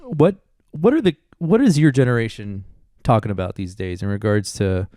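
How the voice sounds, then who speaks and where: A man's voice: lowish voice, animated, moderate pace, mellow, no room sound, clean studio sound. A man hosting a podcast in casual chat, an easygoing storyteller who asks his guest questions. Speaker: podcast host.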